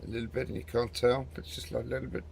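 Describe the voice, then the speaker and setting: Brief: male gaming host, chatty and rambling, a creaky voice with faint background noise. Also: medium pitch, little pitch movement, rapid-fire, a little mellow. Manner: chatty and rambling, lots of "mate". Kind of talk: casual gameplay commentary.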